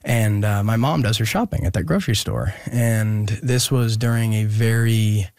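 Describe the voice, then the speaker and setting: A young man from Oregon tells a personal story as an interview guest, earnest and hesitant, with many pauses and restarts. His voice is lowish and a little mellow, captured dry with studio quality.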